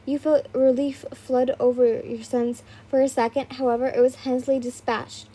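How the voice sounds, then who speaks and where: Woman reading fanfic out loud, chill, kinda husky and mellow. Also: high-pitched, flat delivery, moderate pace, few pauses. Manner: casual, stumbling asides. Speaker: fan fiction reader. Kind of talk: reading a fan story aloud.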